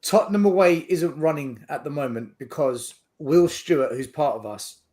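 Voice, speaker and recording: A man on a casual fan podcast, with a voice pitched a little above average. He explains things earnestly, and his tone swings up and down for emphasis. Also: moderate pace, a little mellow. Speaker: panelist.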